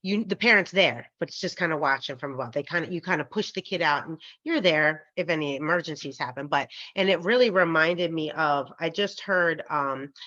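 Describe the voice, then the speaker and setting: Bright, animated woman podcaster, lo-fi sound. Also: low-pitched. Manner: animated, acts out quoted voices, laughs often; faith-centered, frequent fillers like um and like. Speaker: podcast co-host. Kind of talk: casual conversational storytelling. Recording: slightly dull, lo-fi podcast recording.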